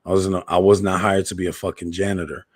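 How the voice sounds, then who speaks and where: A man with a fairly low voice tells a story in loose casual chat, relaxed and swearing freely. The sound is dry and close, with little room echo. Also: quick pace, husky. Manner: laid-back, profane, laughs at own story.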